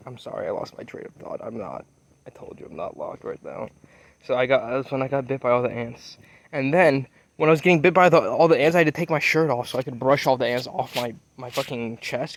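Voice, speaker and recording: A man's voice: mid-range voice, no echo. A young man casually telling a rambling story, swearing often and losing his train of thought. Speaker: vlogger.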